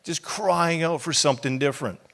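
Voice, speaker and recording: A man's voice: on the high side, a little fast, gravelly, fairly bright tone. A middle-aged man, a pastor, preaching a sermon with impassioned, conversational delivery and casual asides.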